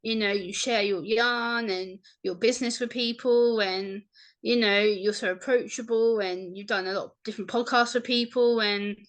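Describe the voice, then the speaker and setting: A woman guest on a casual podcast, talking with warm, gushing enthusiasm. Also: mid-range voice, steady tone, normal speed.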